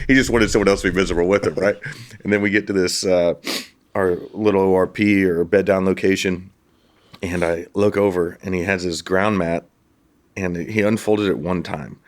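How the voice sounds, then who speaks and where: A man hosting a podcast, telling lively anecdotes and laughing often. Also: low-pitched, fairly quick. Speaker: podcast host. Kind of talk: casual storytelling.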